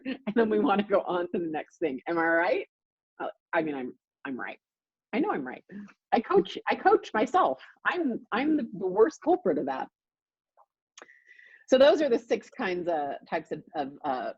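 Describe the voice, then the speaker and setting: A woman's voice: mid-range voice, slightly rough, no echo, muffled recording. A woman real estate coach leading a group coaching call, speaking emphatically and repeating points for stress, over a video call.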